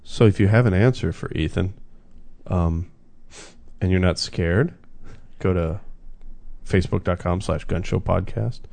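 Male podcast host, gravelly voice, relaxed chat. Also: low voice, unhurried, pauses often.

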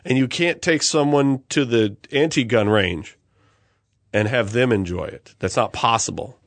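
A man co-hosting a podcast in casual chat, talking in an animated, ranting way and laughing easily. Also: mid-range voice, measured pace, dry recording. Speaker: podcast co-host.

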